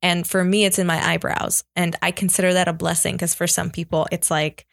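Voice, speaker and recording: A woman's voice: lowish voice, little pitch movement, brisk, gravelly, fairly bright tone, no echo, studio quality. A woman in a casual faith podcast chat, talking candidly and reflectively about her own experience. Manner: candid, reflective personal sharing.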